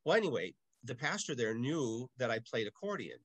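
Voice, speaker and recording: A man's voice: mid-range voice, a little fast, dry recording. Older man telling stories, dry close sound. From Milwaukee. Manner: animated storyteller, acts out voices in anecdotes. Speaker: parish music director. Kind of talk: casual interview storytelling.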